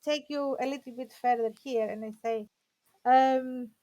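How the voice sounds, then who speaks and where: Slow, hesitant woman player. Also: high voice, steady tone, dark tone, no echo, poor audio. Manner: hesitant, many ums and uhs, earnest. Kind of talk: playing a tabletop game.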